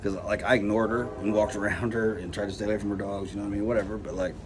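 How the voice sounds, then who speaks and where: A man's voice: lowish voice, fairly even intonation, rapid-fire. Guy venting in a vlog, cussing nonstop, lots of like and you know, noisy hiss behind him. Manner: profane, rambling, says "like" and "you know" constantly. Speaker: vlogger. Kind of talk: casual rant to camera.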